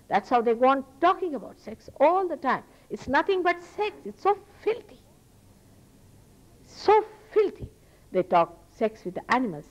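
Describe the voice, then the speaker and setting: A woman's voice: high-pitched, rough recording. A woman with an Indian accent giving a spiritual lecture to an audience, earnest and emphatic, repeating phrases for stress. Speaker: spiritual teacher. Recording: archival talk recording.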